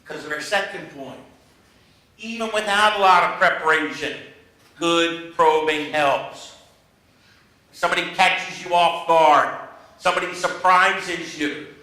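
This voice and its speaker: Bright, high-voiced male trainer. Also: a little slow, long pauses, echoey room, rough recording. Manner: humorous, self-mocking storytelling. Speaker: negotiation trainer. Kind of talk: workshop lecture to a class. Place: training room with an audience.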